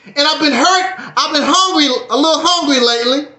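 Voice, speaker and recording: A man's voice: extremely high pitch, moderate pace, pushed and bright. A man giving a casual livestream monologue, preachy and joking with a dramatic streak. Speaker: YouTube streamer. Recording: echoey room.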